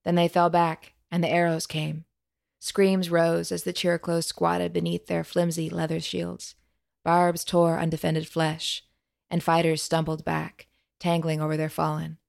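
A woman storyteller reading a fantasy audiobook in a measured, dramatic way. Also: lowish voice, creaky, a little mellow. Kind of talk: scripted fantasy audiobook narration.

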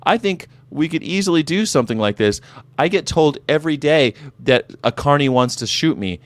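A man from the United States hosting a casual vegan livestream, animated, laughing often and reading chat aloud. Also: on the high side, moderate pace, no echo. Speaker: host of a daily vegan show.

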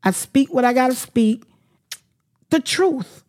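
A woman's voice: high voice, slow pace, darkish tone. A woman hosting a radio talk show, outspoken and profane, ranting in heated casual chat.

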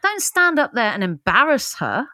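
British woman cohosting a comedy podcast, very expressive, voice jumps around, dry sound. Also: fairly high pitch, dry recording. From Britain. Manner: expressive, quick reactions. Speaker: podcast co-host. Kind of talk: casual comedic chat.

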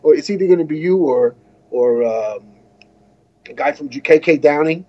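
A man's voice: fairly high pitch, expressive, normal speed, warm tone, muffled recording. An American man telling a long story as an interview guest, rambling with many restarts and asides. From United States. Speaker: guest musician.

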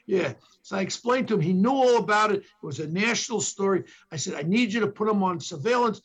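Gravelly older New York storyteller. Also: male voice, sits high, fairly bright tone. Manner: acts out quotes from others with emphatic bursts. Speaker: former police detective telling stories as a podcast guest. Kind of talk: animated storytelling.

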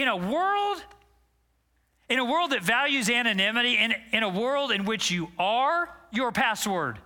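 A pastor in his sixties preaching a sermon with passion, moving between loud declarations and hushed, near-whispered lines. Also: very high-pitched. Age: 60s.

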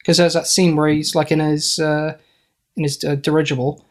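A man's voice: on the high side, little pitch movement, fairly quick. A man co-hosting a podcast, chatting casually and rambling with frequent giggles and fillers. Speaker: podcast co-host. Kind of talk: casual comedic chat.

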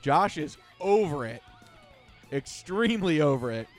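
A man's voice: on the high side, sing-song, unhurried, soft background music. A man co-hosting a podcast, chiming in with blunt, wry remarks. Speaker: podcast co-host. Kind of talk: casual podcast chat.

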